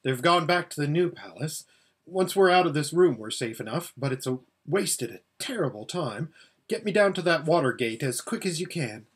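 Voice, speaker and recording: A man's voice: a little high, lively intonation, moderate pace, breathy edge. A man reading as a firm, urgent young girl. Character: determined, brave young girl fleeing. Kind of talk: storybook read-aloud.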